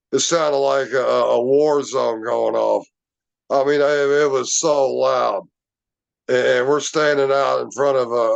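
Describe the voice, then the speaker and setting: Gravelly-voiced man telling a rambling story. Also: mid-range voice, muffled recording. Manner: rambling, many fillers and restarts. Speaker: Bigfoot researcher telling a story. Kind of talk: casual storytelling.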